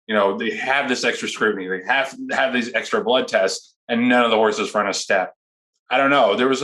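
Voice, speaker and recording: A man's voice: lowish voice, a bit bright. A man hosting a podcast, talking casually and with opinions, often restarting his sentences. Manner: rambling, many restarts, opinionated. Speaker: podcast host. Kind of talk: casual panel discussion.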